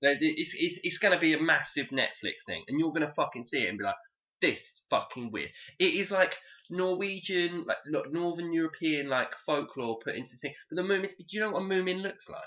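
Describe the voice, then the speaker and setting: A man's voice: fairly high pitch, expressive, fast, bright, forceful tone, lo-fi sound. A man hosting a casual podcast chat, rambling, joking and swearing freely. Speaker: podcast host.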